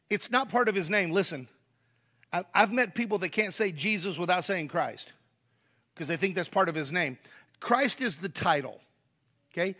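A man's voice: high voice, a bit bright. A man preaching a sermon, emphatic, repeating key words and speaking straight to the congregation. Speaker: pastor.

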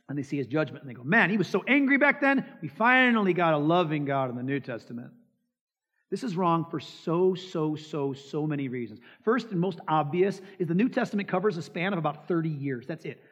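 This male pastor, whose voice sits on the high side with some breathiness, delivers an emphatic sermon. He throws rhetorical questions at his congregation and performs the lines he quotes, all captured in muffled lo-fi audio with lengthy hall reverb.

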